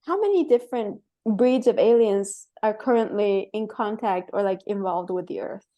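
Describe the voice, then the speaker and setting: A woman's voice: medium pitch, moderate pace, warm tone, lo-fi sound. A woman hosting a casual chat, asking eager, curious questions. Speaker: host.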